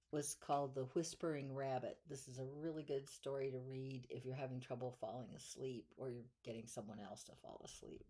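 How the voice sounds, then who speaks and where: A woman reading a children's bedtime story aloud in a gentle, soothing way, drawing out the repeated lines. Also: rumbling low. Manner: gentle, soothing, drawn-out repetitions.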